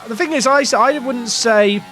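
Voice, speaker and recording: A man's voice: very high voice, normal speed, pushed and bright. A young English man casually commentating a racing management game, rambling and questioning himself as he talks to his chat. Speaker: gaming streamer.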